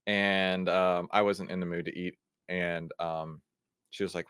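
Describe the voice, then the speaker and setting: A man, hosting an energetic news commentary show, talking in an animated, incredulous, conversational way. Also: low-pitched, measured pace, clean tone, no room sound, studio quality. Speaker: host.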